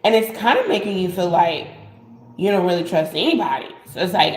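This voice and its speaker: A woman's voice: lowish voice, fairly quick, a little mellow, echoey room, rough recording. A woman giving a casual live-stream tarot reading, rambling and repeating herself, often saying "like". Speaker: tarot card reader.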